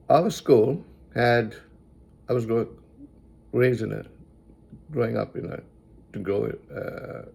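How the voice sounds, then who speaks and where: A man giving moral advice in a reflective spoken monologue, deliberately repeating lines for emphasis. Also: medium pitch, creaky, darkish tone, husky.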